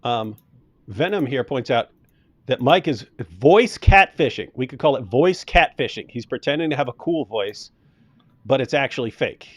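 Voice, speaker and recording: A male livestream host reacts to chat comments in a loose, mocking way, often breaking into laughter. His pitch swings widely as he gets worked up. The sound is close and dry. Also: animated, normal speed, no echo.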